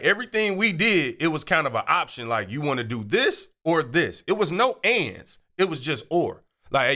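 A man hosting his own show, telling a casual, animated story and acting out the voices of people in it. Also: medium pitch. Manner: animated, acts out quoted voices. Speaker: show host.

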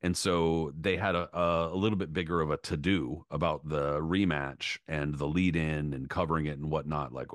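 A man's voice: a bass voice, steady tone, moderate pace, hardly any pauses, no room sound, studio quality. A young man co-hosting a podcast, ranting in casual chat and swearing freely, with "bro" and "dude" thrown in. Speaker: podcast co-host.

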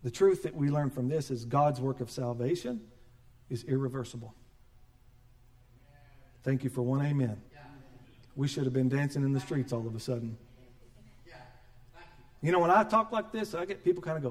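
A middle-aged man preaching a sermon as pastor, animated and joking, acting out quoted voices. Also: medium pitch, moderate pace, pauses often.

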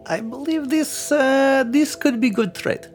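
A player voicing a foreign male adventurer who speaks in halting, ungrammatical but polite phrases in a tabletop game. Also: high-pitched, soft background music, voice pushed up. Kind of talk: tabletop role-play as a character.

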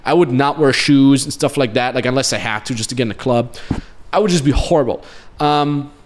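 A man's voice: mid-range voice, fairly quick. A man in his late twenties, a podcast host and business coach, telling stories in a rambling, profane, self-mocking way. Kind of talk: casual storytelling chat.

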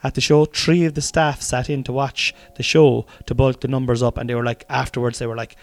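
An Irish man hosts his own podcast in a tired, rambling, casual diary style, swearing often and restarting his sentences. His mid-range voice is level in tone and his pace brisk.

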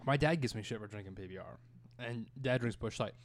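A man's voice: mid-range voice, fairly quick, slight background noise. A man co-hosting a podcast in casual chat, joking and swearing as he rambles. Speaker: podcast co-host.

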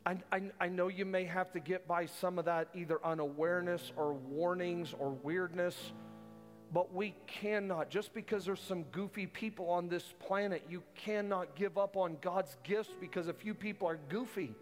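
Pastor, male, fairly high voice, conversational sermon, hall reverb with faint music. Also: steady tone, normal speed. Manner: conversational preaching, acts out listeners' doubts.

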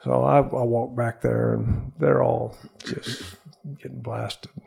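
A man's voice: mid-range voice, slow pace, gravelly. A man, a guest in a studio interview, telling a long personal story and acting out the voices of the people in it. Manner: animated storyteller who acts out quoted voices.

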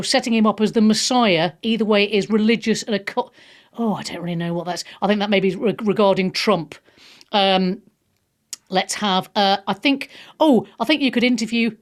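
A woman hosting a live talk radio show in a casual, chatty way, her voice sitting a little high. She speaks frankly and bluntly, often restarting her sentences mid-thought.

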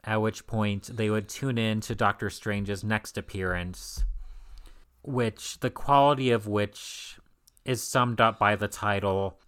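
A man's voice: fairly low pitch, fairly even intonation, slow pace, a bit bright, smooth. A man co-hosting a podcast, casually recapping an old comic with dry, sarcastic, profane commentary. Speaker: podcast co-host. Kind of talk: casual comic book discussion.

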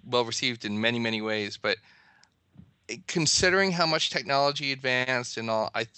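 A man's voice: mid-range voice, lively intonation, normal speed, pushed and bright, smooth, no echo. A man co-hosting a casual podcast, talking in a rambling, hesitant way. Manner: rambling, hesitant, many restarts and fillers.

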